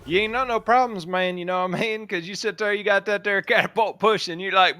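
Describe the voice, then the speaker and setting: A man's voice: high voice, a little fast, bright, forceful tone. A man giving casual esports color commentary in folksy slang, laid-back and bantering.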